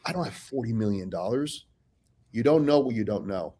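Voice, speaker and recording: A man talking as a podcast guest in casual, blunt, profane storytelling, animated and full of restarts. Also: medium pitch, brisk.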